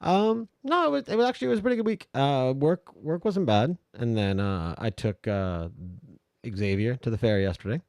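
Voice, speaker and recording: A man's voice: expressive, moderate pace, a little mellow, clear, resonant tone, no room sound, clean studio sound. A man hosting a podcast, chatting casually and easygoing, laughing often. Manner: laughing, easygoing, bouncy pitch. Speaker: host.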